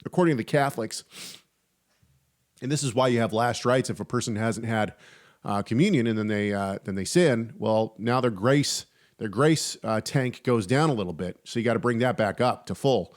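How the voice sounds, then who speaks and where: A man's voice: mid-range voice, normal speed. Chatty male podcast host, wry humor. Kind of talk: casual theological discussion.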